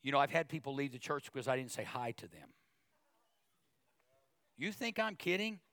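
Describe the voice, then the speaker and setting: A male pastor preaching a sermon, talking conversationally with asides and repeated words, then rising in pitch and volume as he gets emotional. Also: big pitch swings, moderate pace, no room sound, clean studio sound. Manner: emotional, grows louder and higher when preaching.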